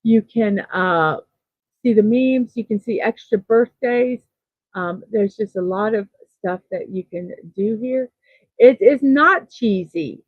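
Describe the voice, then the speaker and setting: A woman's voice: medium pitch, takes it slowly, no room sound. Chatty woman host on a tinny line. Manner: chatty and upbeat, with frequent fillers. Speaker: host of a daily morning livestream show. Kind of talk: casual chat reading viewer comments. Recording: tinny phone-like sound, dry.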